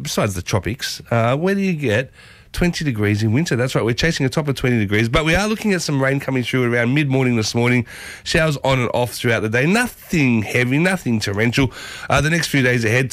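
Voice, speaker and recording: A man in his thirties with an Australian accent, hosting a breakfast radio show in a playful, exuberant way, a little husky from a sore throat. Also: mid-range voice, lively intonation, quick pace, a bit bright, no room sound. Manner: exuberant, playful, jokey catchphrases. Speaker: radio host. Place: community radio studio. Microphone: studio microphone.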